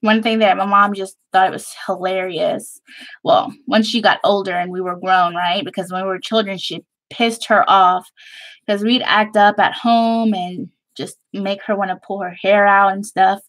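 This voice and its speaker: A woman's voice: mid-range voice, fairly even intonation, moderate pace, a bit bright, poor audio. A Texan woman from Texas, a craft vlogger chatting casually to her viewers in a rambling way and laughing often.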